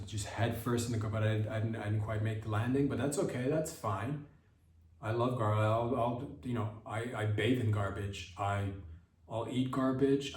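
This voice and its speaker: A man hosting a podcast, riffing through an absurd comedic monologue in a deadpan, rambling way with many restarts. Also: fairly low pitch, a little hiss or hum. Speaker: podcast host. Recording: echoey room, distant from mic.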